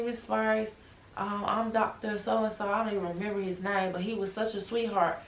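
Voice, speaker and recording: A young woman vlogging, retelling a personal story with animated emotion. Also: medium pitch, reverberant, poor audio.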